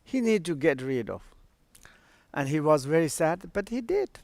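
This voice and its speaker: A man telling a story as a Buddhist teacher, in halting with many fillers. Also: on the high side, sing-song, gravelly, darkish tone, dry recording, clean studio sound. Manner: halting non-native English with fillers. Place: online stream.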